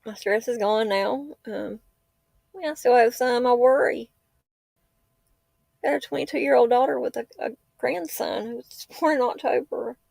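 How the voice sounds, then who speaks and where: A woman's voice: a little high, measured pace, creaky, darkish tone, no room sound. A woman, rambling and heartfelt in a tearful casual livestream chat. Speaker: livestream host. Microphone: laptop or phone mic.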